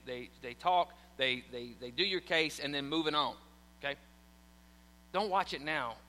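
A man's voice: sits high, sharp tone. A man preaching a sermon in church, telling a story animatedly and acting out the quotes. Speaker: pastor. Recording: long hall reverb.

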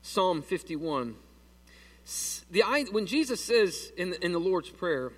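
A man's voice: fairly high pitch, expressive, measured pace, a bit bright, far from the mic. A man preaching a sermon in a church, folksy and joking with his congregation. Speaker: pastor. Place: church sanctuary.

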